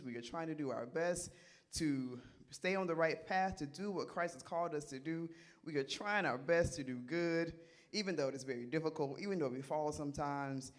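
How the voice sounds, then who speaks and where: Man, middle-aged, Bible study teacher, interactive sermon, fairly high voice, playful, questions the audience. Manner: conversational, asks the audience questions and repeats their answers; animated and playful, laughs often.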